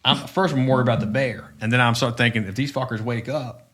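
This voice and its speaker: A man's voice: mid-range voice, fast, fairly bright tone. A middle-aged man co-hosting a podcast, telling a story in a rambling, profane way with many restarts. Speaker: podcast co-host. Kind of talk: casual storytelling chat.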